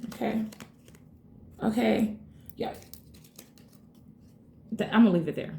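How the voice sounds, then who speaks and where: Gravelly-voiced woman reading tarot, excitable. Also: mid-range voice, slow pace. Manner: excitable, swears freely, addresses viewers as y'all. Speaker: tarot reader. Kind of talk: casual tarot reading to camera. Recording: echoey room.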